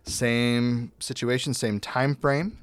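A man's voice: medium pitch, steady tone, takes it slowly, background noise. A man hosting a church podcast in casual chat, joking and laughing easily. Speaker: podcast host, church staff.

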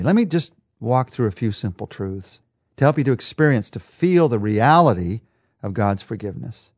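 A man delivering a devotional sermon with an emphatic, repetitive rhetorical rhythm. His pitch swings widely as he stresses each point, and the sound is dry and close. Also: lively intonation, normal speed, a little mellow, no room sound. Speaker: preacher.

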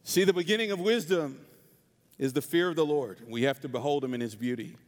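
A man's voice: a little high, a little fast, long reverb tail. A man from North Carolina preaching a passionate sermon with a Southern accent.

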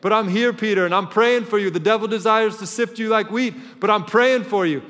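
A male preacher voicing a compassionate Jesus in a sermon retelling. He sounds hushed and tender, then pleading with rising force, and the voice is a little high. A long reverb from a hall trails every word. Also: a little fast. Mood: fervent. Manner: soft and hushed in gentle lines, loud and pleading when urging. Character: compassionate man Jesus, tender yet urging. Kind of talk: sermon storytelling.

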